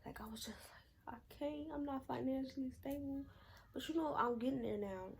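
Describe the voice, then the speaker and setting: A woman's voice: high voice, brisk, gravelly, darkish tone, a little hiss or hum, rough recording. A young woman telling a casual storytime vlog, candid and rambling with slang and swearing, sounding out of breath. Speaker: vlogger.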